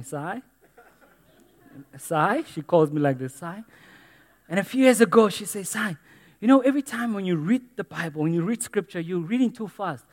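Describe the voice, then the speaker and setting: A man's voice: sits high, in a large hall. A man preaching a sermon in a church, earnest and emphatic, repeating key phrases. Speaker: pastor.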